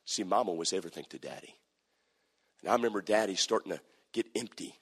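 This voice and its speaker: Husky preacher in an echoey hall. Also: male voice, sits low, fast talker. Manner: swings from hushed storytelling to shouting. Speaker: pastor. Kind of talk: sermon. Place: church sanctuary.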